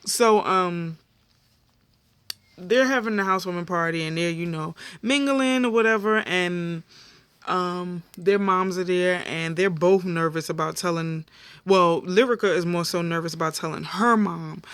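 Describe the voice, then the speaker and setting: A woman's voice: fairly low pitch, measured pace, a bit bright, smooth, no room sound. Tired, chatty woman recapping TV. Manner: chatty, slangy retelling full of fillers. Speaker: reality TV recap vlogger. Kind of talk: casual episode recap.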